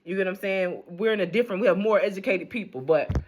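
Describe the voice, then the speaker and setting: A woman's voice: medium pitch, fast, slight background noise. A young adult woman, giving her blunt, rambling, profane opinions in a casual unscripted news rant. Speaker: news commentator vlogger.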